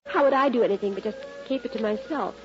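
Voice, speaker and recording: A woman's voice: fairly high pitch, quick pace, close to an everyday voice. An actress playing a bashful, self-pitying woman in her forties who has been crying, in a 1940s radio drama. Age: 40s. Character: tearful bashful middle-aged wife at reunion. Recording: dull old radio recording with music and crowd.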